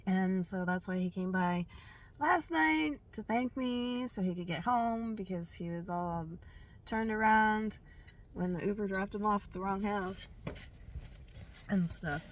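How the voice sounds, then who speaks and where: A woman's voice: mid-range voice, unhurried, distant mic. A woman vlogger telling a personal story in a rambling, candid way, with lots of fillers and restarts.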